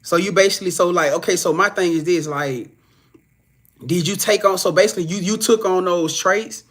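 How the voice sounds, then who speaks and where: A man's voice: high voice, a little fast, a bit bright. A young man chatting casually on a live stream as a psychic reader, loose and profane, rambling with many restarts and reading out viewers' comments.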